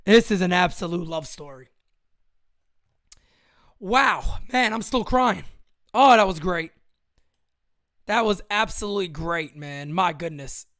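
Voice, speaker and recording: An excitable young man with a bright, forceful voice hosts a fan livestream of a live game. He talks loud and fast, swears freely and laughs often. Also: sits high. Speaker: livestream host.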